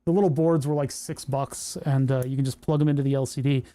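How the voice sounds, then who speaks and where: A man's voice: mid-range voice, steady tone, fast, warm tone. A man streaming his electronics build, chatting casually and muttering to himself as he works. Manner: muttering to himself while working. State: hand cramps. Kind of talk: casual workbench chat.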